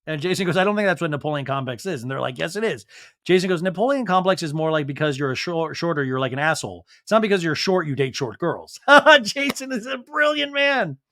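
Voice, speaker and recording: A man's voice: a little high, expressive, fast, fairly bright tone, no room sound, clean studio sound. A man hosting a podcast, recapping a reality show in a sarcastic, gossipy way and acting out the cast's lines in shifting voices. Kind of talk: comedic recap with quoted voices.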